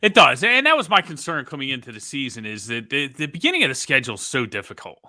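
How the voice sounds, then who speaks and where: A man, co-hosting a sports podcast in animated casual talk. His voice is very bright and sharp, and the sound is dry and close. He mocks the coach when he quotes him. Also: mid-range voice, fast talker, no room sound. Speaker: podcast co-host.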